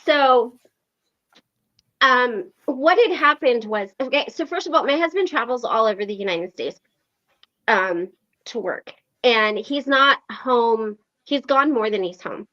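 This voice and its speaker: A woman's voice: fairly high pitch, a little slow, dull audio. A woman telling a story on an online meeting, acting out the quoted lines with lots of fillers. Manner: animated, acts out quoted lines, frequent fillers. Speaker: recovery meeting host. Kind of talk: casual storytelling.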